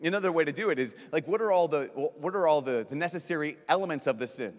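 A priest giving a lively, joking talk at a youth conference, acting out quick voices as he goes. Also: on the high side. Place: large conference hall. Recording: long reverb of a large hall.

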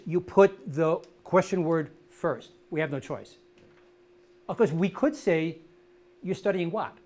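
A man's voice: high-pitched, a little mellow. Patient older man teaching a class. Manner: patient, corrects pronunciation, slow careful drills. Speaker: language teacher. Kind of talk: outdoor language class. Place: outdoor meadow gathering.

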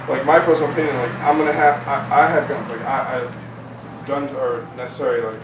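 At festival grounds, a protest organizer gives an interview that turns into a heated, profanity-laced rant, full of restarts and repetition. His mid-range voice keeps a steady tone and a brisk pace. The recording is echoey, with a distant mic and loud ambient noise.

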